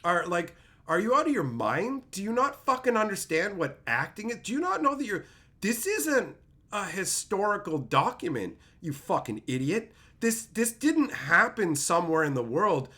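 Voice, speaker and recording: A man with a high, lively voice delivers a profane, mocking rant as a streamer. His tone is bright and sharp, and his pitch swings widely. He mimics others in put-on silly voices. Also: measured pace. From Canada. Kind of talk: ranting commentary.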